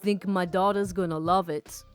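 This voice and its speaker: A pushy, lowballing middle-aged man tries to talk a seller down on price, as a woman narrator puts him on. The voice sits a bit lower, in a put-on accent that shifts between versions, flatly insistent. Faint music plays behind. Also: normal speed, close to an everyday voice. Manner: put-on mixed accents, deeper voice.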